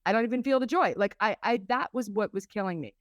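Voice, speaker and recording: A woman coach being interviewed on a podcast, talking in a lively way and acting out quoted voices. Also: mid-range voice, quick pace, no echo. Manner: lively and animated, acts out quotes in raised voices. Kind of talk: conversational interview.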